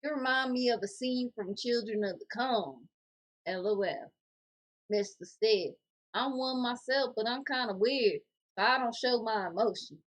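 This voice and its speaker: High-voiced woman co-host reading chat. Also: unhurried. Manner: reads chat comments aloud, jokey and animated. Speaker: co-host reading viewer comments. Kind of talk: casual podcast chat.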